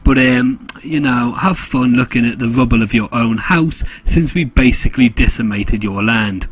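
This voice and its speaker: A man's voice: medium pitch, moderate pace, husky, no room sound, natural voice, poor audio. A man voicing an awkward, shifty army captain who mumbles and hesitates. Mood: sheepish.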